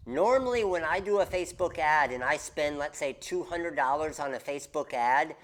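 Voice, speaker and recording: A man's voice: a little high, moderate pace. Emphatic man coaching on a livestream. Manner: animated, emphatic, repeats key points. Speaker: host of a craft business livestream.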